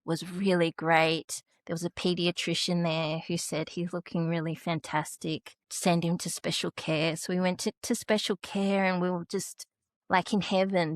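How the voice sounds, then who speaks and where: A woman's voice: on the low side, flat delivery, moderate pace, dry recording. An Australian woman, a podcast guest, telling an emotional personal story. She is close to tears and often restarts her sentences.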